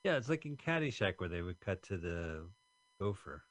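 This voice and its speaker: A man co-hosting a radio show, chatting casually and rambling with restarted sentences and deadpan asides. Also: deep voice, moderate pace, no echo. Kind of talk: casual chat.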